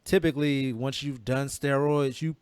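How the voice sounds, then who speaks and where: A man's voice: mid-range voice, fairly even intonation, moderate pace, a little mellow, smooth, no room sound. Joking, inquisitive podcast host man. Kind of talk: casual podcast chat.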